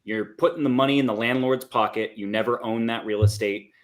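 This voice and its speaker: A man's voice: medium pitch, steady tone, a little fast. A man, a marketing guest, explaining his point through a plain everyday analogy. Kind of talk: explanatory interview talk.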